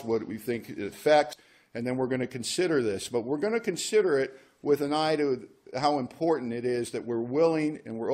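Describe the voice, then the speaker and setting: A man's voice: mid-range voice, darkish tone. A man leading a recovery workshop, talking casually with joking asides and reading passages aloud. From United States. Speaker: workshop speaker.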